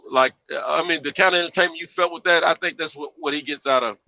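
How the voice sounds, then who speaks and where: A man's voice: a little high, fast, gravelly, bright, forceful tone. A tired man hosting a boxing chat, rambling and repeating his words in a laid-back way. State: tired, yawning. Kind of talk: casual chat. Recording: muffled lo-fi sound.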